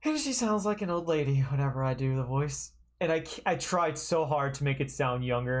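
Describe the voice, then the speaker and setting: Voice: mid-range voice, lively intonation, normal speed, few pauses, faint music behind. A streamer chatting casually while playing a game, rambling and correcting themself. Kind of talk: casual let's-play commentary.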